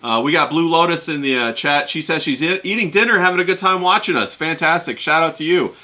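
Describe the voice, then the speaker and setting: A man's voice: fairly high pitch, fairly quick. A man co-hosting a casual podcast stream, chatting loosely and reading out viewer comments. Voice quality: relaxed, frequent "yeah" and "uh" fillers. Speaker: podcast co-host. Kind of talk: casual chat, reading live chat.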